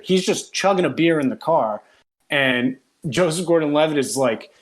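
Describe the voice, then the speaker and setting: A man's voice: mid-range voice, fairly quick. A man co-hosting a casual film podcast, retelling a movie's plot with amused, laughing disbelief. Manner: animated storytelling, laughing at the film. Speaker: podcast co-host reviewing films. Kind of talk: casual chat.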